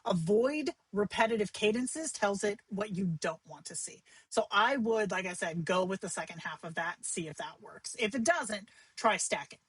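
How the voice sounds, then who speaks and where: A woman hosting a livestream tutorial, talking in a chatty, conversational way with quick asides. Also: mid-range voice, animated, slightly rough, dry recording, rough recording. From Arizona. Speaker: livestream host teaching AI companion tips.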